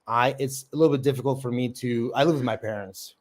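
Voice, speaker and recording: A man's voice: mid-range voice, fairly even intonation, fast talker. A man hosting a casual livestream chat, rambling with lots of fillers. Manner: rambling, many ums and likes. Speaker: livestream host.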